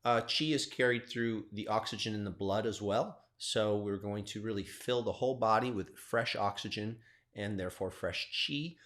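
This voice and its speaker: A man teaching a qigong lesson on a live stream, explaining calmly and guiding the listener step by step. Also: fairly low pitch. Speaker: qigong instructor.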